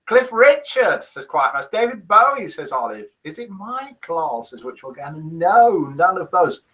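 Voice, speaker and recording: A man's voice: a little high, sing-song, unhurried, a bit bright. A man hosting a casual live stream, reading out viewers' comments and guesses aloud. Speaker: host of a live daily chat stream.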